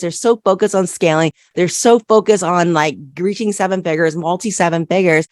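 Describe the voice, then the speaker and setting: A woman's voice: mid-range voice, no room sound, studio quality. A woman accountant hosting a solo business podcast, coaching listeners and repeating key questions with frequent "right?" checks.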